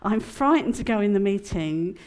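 A woman's voice: mid-range voice, animated, normal speed, darkish tone. A middle-aged woman gives an emotional, testimony-style sermon at a prayer conference, often laughing as she speaks.

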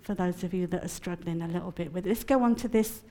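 Speaking quickly in a lowish voice, a woman addresses a prayer conference. Her talk mixes teaching with personal testimony, delivered in an expressive, chatty style with frequent laughter.

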